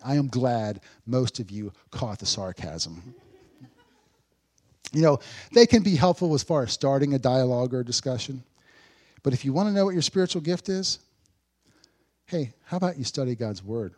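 A male pastor delivering a sermon conversationally, with dry sarcasm, swinging between loud emphatic points and hushed asides. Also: mid-range voice, moderate pace.

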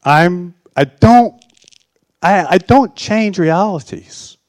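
A man's voice: high-pitched, lively intonation, takes it slowly, a little mellow, no room sound. A man in his sixties preaching a sermon, telling a personal story in a wry, sarcastic way. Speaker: pastor.

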